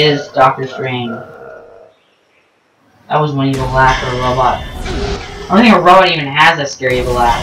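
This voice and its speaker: A woman giving rambling, joking commentary over gameplay, full of ums and restarts and sudden jumps in pitch. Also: a little fast, pauses often, a bit bright. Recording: roomy echo, distant mic, faint game music.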